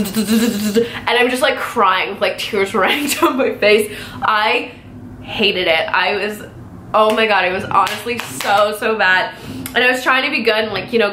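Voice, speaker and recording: Bright-voiced young woman vlogger. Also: on the high side, slight background noise. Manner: chatty, heavy on "like" fillers. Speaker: beauty vlogger. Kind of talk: casual storytime vlog. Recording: echoey room.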